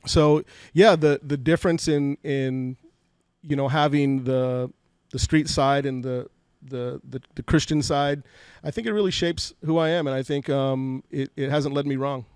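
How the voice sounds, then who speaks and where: A Fresno, California man in his forties, guesting on a podcast, candidly shares emotional stories from his life and often repeats words. His medium-pitched, steady voice is a bit slow, darkish, clear, and resonant, captured on a podcast studio mic with no echo.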